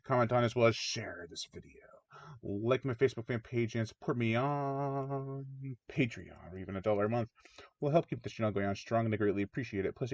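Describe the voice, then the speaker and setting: A man whose voice sits on the low side hosts his own channel, chatting his way through a rambling film review and doing mock voices for the characters. The recording is dull, lo-fi, and dry.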